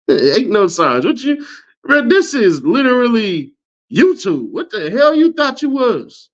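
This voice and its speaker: A man with a high, lively voice that swings all over the place. He rants in slangy bursts and laughs often. The audio is dull and lo-fi. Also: slow. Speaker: online commentator. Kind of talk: reacting to viewer comments.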